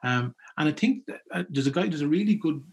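Quick-paced and expressive, an Irish-accented man with a voice on the high side talks casually about the folklore he gathered. He rambles, often restarting and wandering into asides as he tells his stories.

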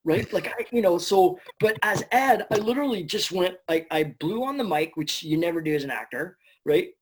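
A man, a voice actor, telling stories in a casual interview, chatty and animated, swearing now and then. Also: sits high, normal speed, slight background noise. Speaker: voice actor guest.

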